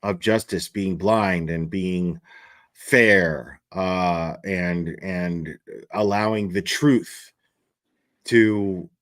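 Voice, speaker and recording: A man hosting a live commentary stream, talking in a halting way with many fillers and restarts as he reads viewer messages. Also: low voice, fairly even intonation, a bit bright. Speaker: livestream host.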